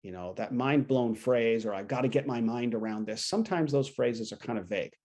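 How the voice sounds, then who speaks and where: A man leads a coaching session over a video call, talking in a plain conversational way and slipping into short quoted lines from clients. His voice sits at an ordinary middle pitch for a man. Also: a little fast, a little mellow. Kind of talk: teaching a training session.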